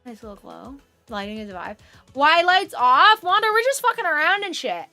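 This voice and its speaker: A woman's voice: high voice, very animated, normal speed, sharp tone, no echo, faint music behind. A young woman streaming from her room at home, chatting casually and rambling, with frequent swearing. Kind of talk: casual chat on a live stream.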